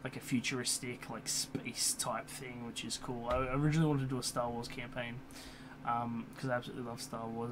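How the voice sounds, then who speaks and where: Young male vlogger, casual and rambling, swears a lot, fan hum in the room. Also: medium pitch. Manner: swears often, many fillers and restarts. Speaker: YouTuber. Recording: computer fan hum in background.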